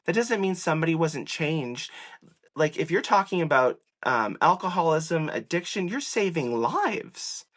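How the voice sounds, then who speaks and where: A lively man talking as an interview guest, his tone bright and forward. He fills his talk with little fillers and laughs, and his pitch shoots up whenever he quotes someone. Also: measured pace. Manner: animated, voice jumps high when quoting people; chatty, many fillers and laughs. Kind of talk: casual interview storytelling.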